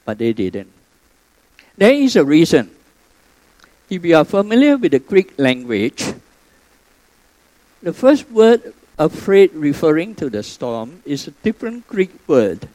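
Animated male preacher, dry sound. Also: a little high, slow pace, pauses often, no echo, low-quality recording. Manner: animated storyteller, sudden loud and soft swings. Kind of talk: sermon.

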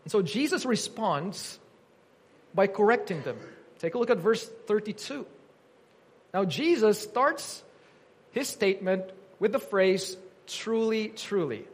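A man's voice: high voice, animated, unhurried, husky. A man preaching an earnest teaching sermon, quoting scripture with emphasis.

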